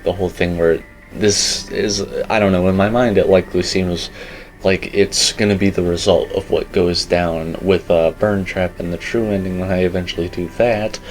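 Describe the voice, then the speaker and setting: Over poor audio, a young man with a fairly low voice rambles casually about a game teaser for his gaming channel. His take is opinionated and packed with filler words.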